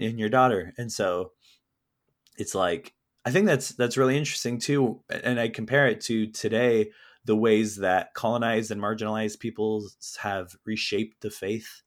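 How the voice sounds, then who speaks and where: A man being interviewed as an author, talking in an earnest, measured, reflective way. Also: fairly low pitch, fairly bright tone. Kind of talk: conversational interview.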